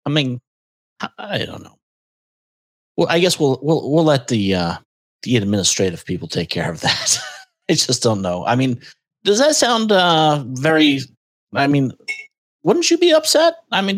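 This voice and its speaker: A man hosting a casual podcast, ranting in exasperation and jumping up in pitch for emphasis. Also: very animated, normal speed, no room sound, rough recording. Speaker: podcast host.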